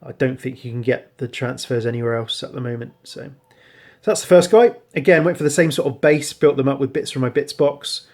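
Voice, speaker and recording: Relaxed man rambling casually. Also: medium pitch, a little fast. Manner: relaxed, rambling, frequent ums and self-corrections. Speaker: hobbyist showing painted miniatures. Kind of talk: casual show-and-tell narration.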